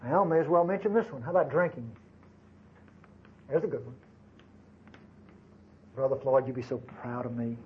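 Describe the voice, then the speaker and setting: A man's voice: medium pitch, normal speed, pauses often, phone-quality sound, slight background noise. A man preaching a sermon to his congregation in a folksy, conversational way, with frequent asides to the listeners. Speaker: pastor.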